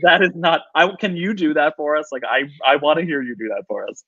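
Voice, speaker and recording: A man's voice: a little high, lively intonation, brisk, pushed and bright. Upbeat giggly male interview host. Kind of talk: live video interview. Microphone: video call. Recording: dull lo-fi video call audio.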